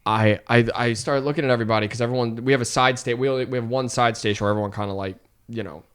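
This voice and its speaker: A man's voice: medium pitch, fairly even intonation, racing, a bit bright, clear, resonant tone. A man in his thirties, a comedian guest, telling a story in casual chat, rambling and self-deprecating, filling his talk with "like". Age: 30s.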